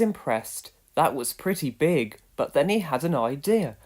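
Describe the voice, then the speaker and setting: A woman narrating a children's storybook aloud with expressive storytelling. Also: extremely low pitch, unhurried, hardly any pauses. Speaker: storybook reader.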